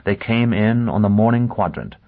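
A man narrating an audiobook in a measured, even storytelling manner. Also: lowish voice. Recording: tinny phone-like sound.

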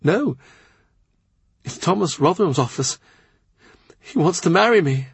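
A man's voice: on the high side, expressive, creaky, slightly rough, no room sound, pitched above the performer's own voice, heavily acted. Field: audiobook. Figure: a man voicing an earnest young woman. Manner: eager, confiding, quick to protest. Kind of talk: audiobook character reading.

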